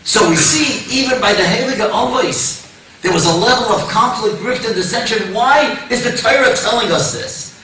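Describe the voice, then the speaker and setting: A male rabbi giving a lecture to a congregation, telling stories with lively, acted-out voices. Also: sits high, normal speed, a little hiss or hum. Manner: animated storytelling, acts out quoted voices. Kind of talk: lecture to a synagogue audience. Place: synagogue hall. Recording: echoey hall, mic at a distance.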